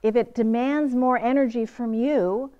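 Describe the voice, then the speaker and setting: Lively woman lecturing a writing seminar. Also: fairly high pitch, measured pace, highs cut off. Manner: lively, asks the audience questions and answers them. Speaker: writing workshop instructor. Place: seminar room.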